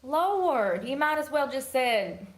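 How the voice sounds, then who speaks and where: A woman's voice: high-pitched, very animated, slow, over a noisy crowd, poor audio. A woman streaming live, chatting in a candid, rambling, slangy way and laughing often. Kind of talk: casual live-stream chat.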